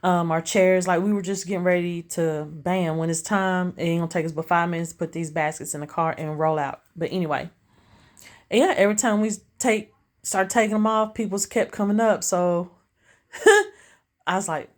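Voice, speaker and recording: A woman's voice: fairly low pitch, moderate pace. Chatty Southern woman from Tennessee. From Tennessee, USA. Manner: chatty, storytelling, addresses viewers as y'all. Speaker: vlogger selling gift baskets. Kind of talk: casual chat to camera. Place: outdoors at a street sales stand, later at home. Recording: noisy outdoor street with traffic. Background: car traffic.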